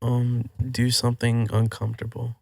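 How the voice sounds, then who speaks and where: A man's voice: mid-range voice, moderate pace, creaky, no room sound, studio quality. A man joking around as a guest in a casual podcast conversation. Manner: joking, even-toned. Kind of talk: casual chat.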